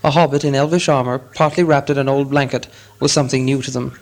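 A man narrating an audiobook in a measured storytelling manner. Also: mid-range voice, fairly even intonation.

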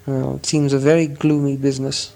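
A man's voice: mid-range voice, little pitch movement, brisk, gravelly, mellow, close to an everyday voice. A man reading an audiobook, voicing a small, anxious male hobbit with a shaky, hesitant manner. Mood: rueful. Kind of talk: audiobook character voice.

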